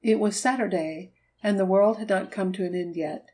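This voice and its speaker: A woman narrating a children's storybook in a steady, measured reading. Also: mid-range voice, poor audio. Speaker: audiobook reader. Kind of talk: scripted narration.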